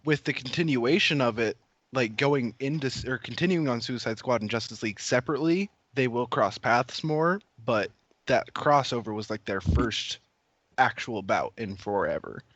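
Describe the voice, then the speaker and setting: A man co-hosting a podcast, chatting casually about comics with quick, eager reactions. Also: medium pitch, a bit bright, dry recording, highs cut off. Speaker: podcast co-host.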